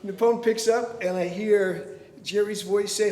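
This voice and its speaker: A man's voice: high voice, fairly even intonation, normal speed, a little mellow. A man who is a playwright and producer, telling stories in an interview and acting out the dialogue with animation. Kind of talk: interview storytelling. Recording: roomy hall echo.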